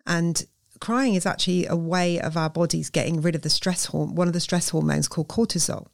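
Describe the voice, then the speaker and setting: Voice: medium pitch, fairly even intonation, brisk, gravelly, no echo, clean studio sound. A therapist, explaining earnestly and emphatically in a conversational interview. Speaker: therapist guest.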